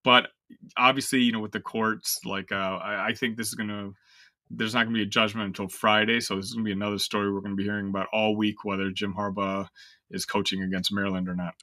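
A man's voice: lowish voice, little pitch movement, fast, sharp tone, no echo, studio quality. A young man co-hosting a sports podcast, ranting in casual, exasperated chat full of fillers. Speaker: podcast co-host.

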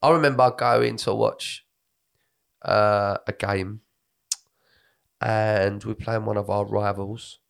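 Sweary bloke telling stories. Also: male voice, lowish voice, takes it slowly, creaky, pauses often, clear, resonant tone. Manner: sweary, animated storytelling. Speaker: podcast co-host. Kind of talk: casual chat.

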